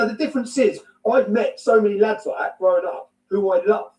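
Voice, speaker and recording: A man's voice: high voice, a little fast, a little mellow, reverberant, recorded from a distance, poor audio. A man with an English accent, talking bluntly and emphatically as an interview guest, repeating his points and swearing now and then. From England. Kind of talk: heated conversational interview.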